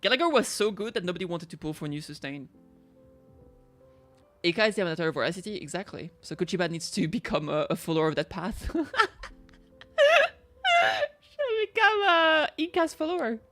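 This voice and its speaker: A woman's voice: lowish voice, quick pace, soft background music. A woman with a French accent, chatting casually and swearing freely while she plays a game. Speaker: streamer playing a game. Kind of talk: casual gameplay commentary.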